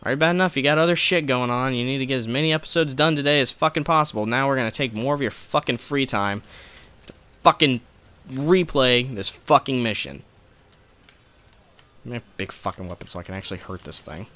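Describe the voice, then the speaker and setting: A man's voice: medium pitch, brisk, bright, forceful tone. Man ranting and swearing over gameplay. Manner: profane, ranting frustration at the game; sarcastic. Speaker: let's play gamer. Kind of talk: gameplay commentary.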